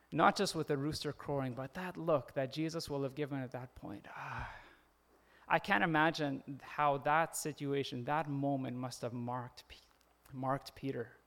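A man's voice: medium pitch, normal speed, fairly bright tone. A man preaching a sermon in a conversational way, often laughing and acting out the quoted lines. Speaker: pastor.

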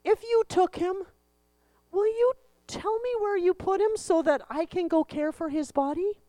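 A woman's voice: extremely high pitch, measured pace, dark tone, no room sound, pitched above the performer's own voice. A woman voicing a grieving young woman who pleads tearfully while searching for her lost teacher. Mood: pleading.

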